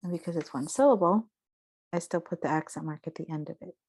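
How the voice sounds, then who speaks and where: A woman's voice: deep voice, fast, a little mellow. A woman giving a casual spoken lesson, explaining and demonstrating vowel sounds aloud. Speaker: voice teacher.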